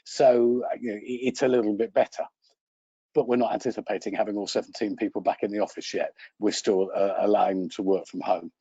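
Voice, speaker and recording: A man on a webinar call giving practical checklist advice in a conversational way, clearing his throat as he loses his voice. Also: fairly low pitch, fairly even intonation, fast, warm tone, dry recording, dull audio. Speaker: webinar panelist. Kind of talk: advisory talk on a video call. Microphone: video call.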